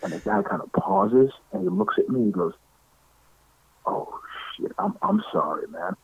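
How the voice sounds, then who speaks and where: Middle-aged male guest, animated storyteller with a swinging pitch who acts out other people's lines, dry close sound. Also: normal speed, vocal fry, slightly rough, no room sound. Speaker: interview guest. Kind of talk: casual storytelling. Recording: tinny phone-like line, dry.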